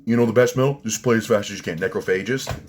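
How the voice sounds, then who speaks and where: A man's voice: lowish voice, very fast, a little mellow, slight background noise. A man in his thirties ranting sarcastically in a casual vlog, swearing often. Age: 30s. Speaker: vlogger.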